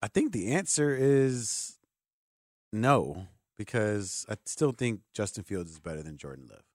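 A man hosting a sports talk radio show, animated and joking, often jumping in over the others. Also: fairly low pitch, measured pace, no room sound, clean studio sound.

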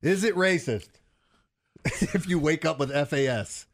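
A man's voice: a little high, animated, unhurried. A man co-hosting a sports radio show, rambling and laughing in casual banter.

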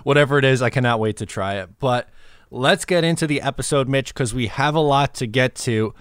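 A man hosting a casual sports podcast, relaxed and conversational, laughing easily. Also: mid-range voice, a little fast, smooth, no echo, clean studio sound. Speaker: podcast host.

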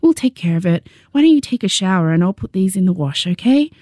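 A woman's voice: mid-range voice, sing-song, fast talker, warm tone, no room sound, clean studio sound, pitched above the performer's own voice. A woman with an Australian accent voicing a flustered mother comforting her daughter. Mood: soothing. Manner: flustered, soothing.

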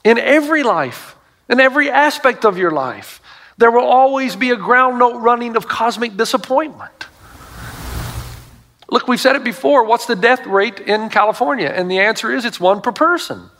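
A man's voice: extremely high pitch, lively intonation, normal speed, sharp tone, slight background noise. A middle-aged male pastor preaching a sermon to a congregation, telling stories with emphatic asides.

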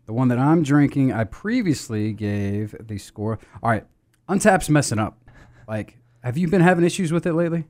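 Rambling casual beer podcast host. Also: male voice, medium pitch, expressive, normal speed, darkish tone. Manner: rambling, many restarts and fillers. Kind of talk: casual chat.

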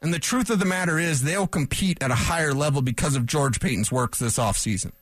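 A man hosting a sports talk radio show, ranting in an animated, opinionated way into a studio microphone. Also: a little high, a little fast, slightly rough, dry recording.

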